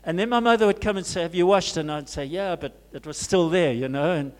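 Male pastor from Zimbabwe, high voice, dramatic sermon delivery, loud cries dropping to near whispers. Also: animated, fairly quick. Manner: swings from loud urgent cries to soft hushed asides.

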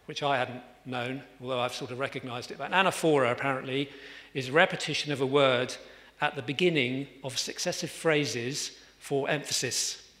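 Male preacher, conversational sermon, bright forward tone, hall reverb around him. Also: mid-range voice, steady tone, normal speed. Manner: conversational, with fillers and restarts, emphatic when reading scripture.

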